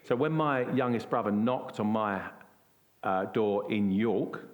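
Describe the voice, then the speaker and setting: English guy in his middle years telling a story, lowish voice, lively, does the voices of other people. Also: measured pace, dull audio. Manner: animated, acts out what others said. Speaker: guest. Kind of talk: conversational storytelling. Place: church event.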